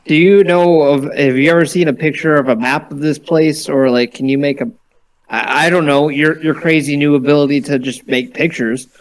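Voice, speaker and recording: A man's voice: fairly high pitch, fairly even intonation, moderate pace, poor audio. A man playing a tabletop role-playing game, stammering and repeating himself. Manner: hesitant, stammering, repeats words. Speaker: player.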